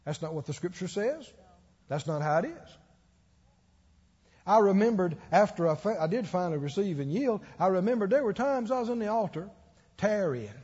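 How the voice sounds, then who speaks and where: A man's voice: high voice, expressive, moderate pace, mellow, slightly rough. A man preaching a sermon, telling stories with acted-out quotes and laughing along. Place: church. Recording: dull echoey church hall.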